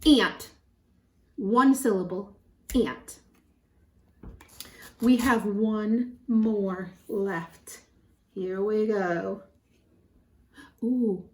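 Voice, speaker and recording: A woman teaching a syllable game to preschool children, animated and encouraging, drawing out words slowly. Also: a little high. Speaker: pre-K teacher. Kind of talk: children's lesson. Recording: echoey room.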